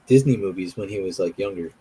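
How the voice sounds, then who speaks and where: A man chatting casually as a show host, rambling through animated stories with frequent laughs. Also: sits low, fast. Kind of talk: casual chat.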